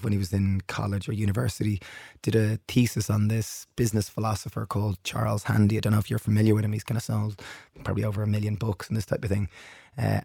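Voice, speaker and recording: Gravelly Irish man telling stories. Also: fairly low pitch, dry recording, clean studio sound. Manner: animated, acts out quotes in others' voices. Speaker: guest, business owner. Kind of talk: casual storytelling chat.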